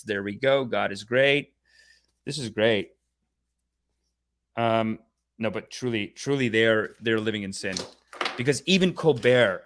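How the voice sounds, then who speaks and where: A man's voice: medium pitch, fairly bright tone. A man hosting a comedic satirical rant in a sarcastic, preachy, mock-guru manner. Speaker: comedic channel host.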